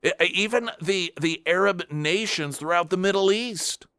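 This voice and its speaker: A man's voice: high voice, measured pace, pushed and bright, smooth, no echo, studio quality. A man hosting a talk radio show, delivering an emphatic, combative political monologue with sarcastic asides.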